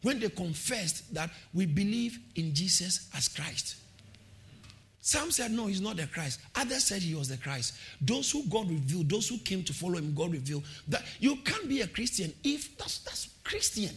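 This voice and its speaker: A man preaching a sermon, shouting calls to the congregation and repeating phrases with a sing-song emphasis. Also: high-pitched, sing-song, moderate pace. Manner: repeats phrases, laughs between points.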